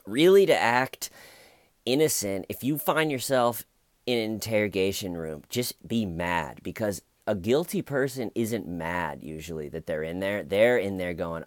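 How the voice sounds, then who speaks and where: A low-voiced man talks through true crime in a relaxed, chatty way. He gets animated and acts out the lines he quotes. His voice sounds close and dry, with no room around it. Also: measured pace, no room sound. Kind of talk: casual commentary.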